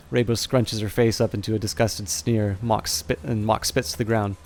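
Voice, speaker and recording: Halting man running a tabletop game. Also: fairly low pitch, level tone, darkish tone. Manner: halting, self-correcting. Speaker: game master. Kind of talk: narrating a tabletop game livestream.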